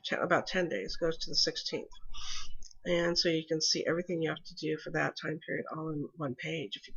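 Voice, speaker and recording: A woman's voice: low-pitched, creaky, breathy edge, highs cut off. A congested woman walking through her calendar in a casual screen-recorded tutorial, hesitant and full of ums. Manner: hesitant, many ums and restarts. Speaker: mom explaining her calendar setup.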